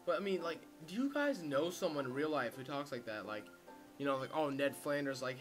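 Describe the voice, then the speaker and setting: Rambling young man, loud game music. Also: mid-range voice, lively intonation, fairly quick. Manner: rambling, joking, crude asides. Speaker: let's play commentator. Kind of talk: casual gameplay commentary.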